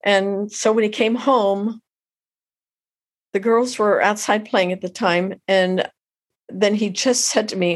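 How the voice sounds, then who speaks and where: A middle-aged woman tells an emotional personal story as an interview guest, halting and heartfelt, often restarting her sentences. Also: mid-range voice, steady tone.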